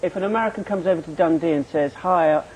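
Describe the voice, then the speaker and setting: A man's voice: fairly high pitch, very fast, mellow, muffled recording, slight background noise. A man co-presenting a breakfast TV interview, asking conversational, searching questions. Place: TV studio.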